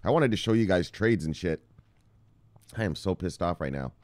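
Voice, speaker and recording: A man hosting a casual crypto news show, swinging between loud hype and low, muttered anger, calling his viewers brothers. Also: expressive, normal speed, dry recording. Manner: calls viewers brothers, punchy catchphrases like bang and look look.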